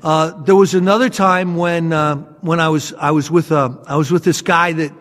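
A man telling a self-mocking story about his drinking to an audience, in an animated, storytelling way. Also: a little high, normal speed. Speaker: speaker sharing a recovery story. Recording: long hall reverb.

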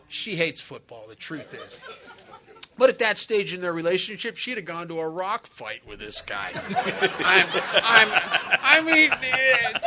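A man speaking at a recovery meeting and telling humorous stories in a joking, conversational way. He often drops into quiet asides and then breaks into loud, excited bursts. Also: very high voice. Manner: joking, conversational, full of "you know" and "man". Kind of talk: humorous storytelling talk.

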